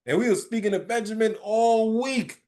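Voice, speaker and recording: In a high voice at a moderate pace, a man leads a religious class with emphatic, informal preaching. He keeps asking "right?" and livens things up with streetwise stories.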